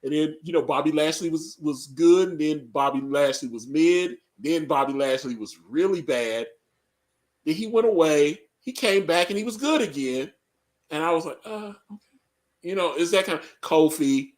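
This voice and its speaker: A man's voice: fairly high pitch, moderate pace. A man co-hosting a casual live reaction chat, rambling and joking with frequent laughs. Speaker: podcast co-host.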